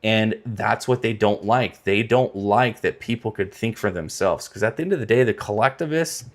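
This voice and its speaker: A man's voice: lowish voice, normal speed. A man co-hosting a podcast, speaking bluntly and emphatically, with casual swearing. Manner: blunt and emphatic, swears freely, drags out key words. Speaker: podcast co-host. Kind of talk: casual political chat.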